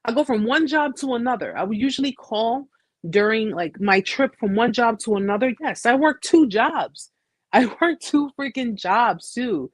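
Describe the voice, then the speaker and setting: A woman's voice: on the high side, expressive, moderate pace, dry recording. An American woman hosting a live chat, telling her story in a casual, blunt way with slang and frequent restarts. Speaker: host.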